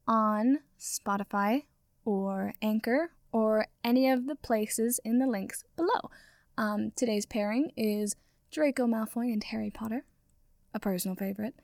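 A woman who gives a casual intro and then narrates fan fiction aloud in a steady reading voice. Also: on the high side, unhurried, no echo, studio quality. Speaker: audio fiction reader.

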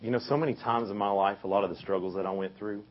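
A man's voice: fairly low pitch, fairly even intonation, fast talker. A young man giving a youth sermon in a casual, conversational way, full of fillers and restarts. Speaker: youth speaker. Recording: dull lo-fi recording.

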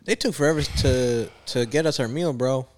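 A man's voice: mid-range voice, moderate pace, slight background noise. A young man chatting casually with friends, giving a laid-back recap that mixes English and Spanish. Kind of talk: casual chat among friends.

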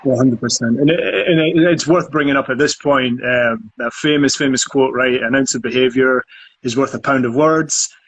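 Husky, earnest man talking about acting. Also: mid-range voice, normal speed. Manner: earnest, repeats words while thinking. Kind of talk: casual conversation.

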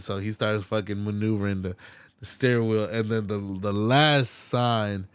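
A young man hosting a solo podcast, talking in a laid-back, slangy, heavily swearing way and getting animated when he retells movie scenes. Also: on the low side, moderate pace, clean tone, no room sound. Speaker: podcast host. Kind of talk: casual solo podcast rant.

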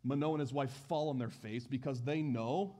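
A man preaching a sermon in a church, telling a story with animated delivery. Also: mid-range voice, moderate pace. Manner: animated storytelling, acting out voices. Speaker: pastor.

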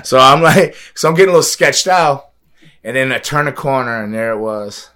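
A man's voice: mid-range voice, brisk, sharp tone. Laughing, rambling male storyteller. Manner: rambling, laughs often, many fillers and repeats. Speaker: guest, wrestler. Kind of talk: casual storytelling.

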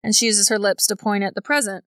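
A woman from Colombia co-hosting a podcast in a relaxed, chatty way, laughing often. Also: medium pitch, quick pace, clean tone, no echo, clean studio sound. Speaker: podcast co-host. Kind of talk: casual chat.

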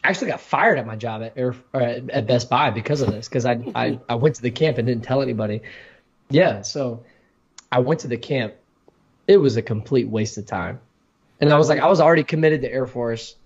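On a podcast he co-hosts, a former college football player casually tells stories about being recruited, rambling and restarting often. His mid-range voice is fairly quick and slightly rough, and the audio sounds dull.

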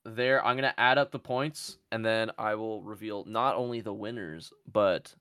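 A man's voice: fairly low pitch, fairly even intonation, normal speed, fairly bright tone, clean tone, no room sound, studio quality. A man hosting a casual quiz game among friends, joking loosely and swearing often. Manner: profane, laughing, loose. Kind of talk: casual podcast banter.

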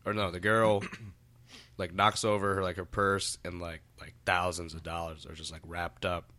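A man's voice: low-pitched, flat delivery, moderate pace, pushed and bright, a little hiss or hum. A man who works as a bartender, telling rambling, profane stories in a casual podcast chat. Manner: rambling, many fillers and restarts, swears freely.

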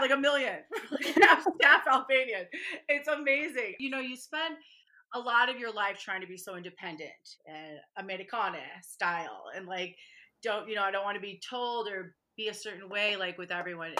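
A woman talking as a guest in a relaxed interview. Her voice is bright and forceful, and she chats freely, laughing often and acting out what people said. The talk is casual and lively. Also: medium pitch. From Michigan, USA. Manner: chatty, laughs often, acts out quotes.

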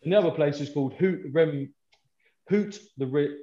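A man's voice: a little high, moderate pace, mellow. A man chatting enthusiastically with friends, using casual slang. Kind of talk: casual chat among friends. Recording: echoey, dull lo-fi sound.

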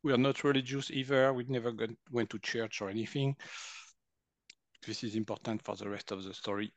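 In conversation, a guest energy healer from France, a man in his fifties with a French accent, tells personal anecdotes with great animation. He laughs often and acts out what people said. His mid-range voice moves briskly, with no room sound.

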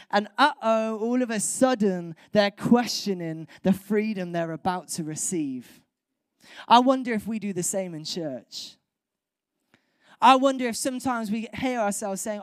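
A woman pastor preaching a sermon, animated and acting out voices from the story. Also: medium pitch, measured pace, no room sound, studio quality. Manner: animated, acts out voices of biblical crowds.

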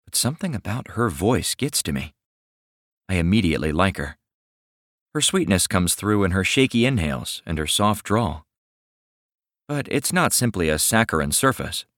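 A man's voice: low-pitched, fairly bright tone, no echo, studio quality. A man narrating a romance audiobook in first person, with a wry, confiding inner-monologue manner.

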